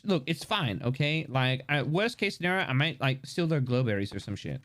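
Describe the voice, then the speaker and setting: Animated streamer with a very lively pitch. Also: brisk, hardly any pauses. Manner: animated, joking, swears freely. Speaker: livestreamer. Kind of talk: casual gameplay commentary.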